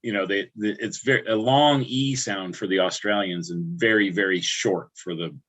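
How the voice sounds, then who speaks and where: A man's voice: lowish voice, fairly even intonation, moderate pace, a bit bright. A man from upstate New York chatting casually on a livestream, rambling and restarting his words often. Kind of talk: casual chat.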